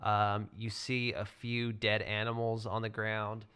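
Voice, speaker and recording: A man narrating as game master in a tabletop game, relaxed and full of fillers and restarts. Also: on the low side, measured pace, clear, resonant tone.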